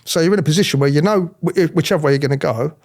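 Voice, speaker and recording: A middle-aged man telling his story in an interview, animated, acting out other people's voices, often restarting his sentences. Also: on the high side, rapid-fire. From England. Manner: animated, acts out quoted voices, frequent restarts. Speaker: interviewee, former police officer.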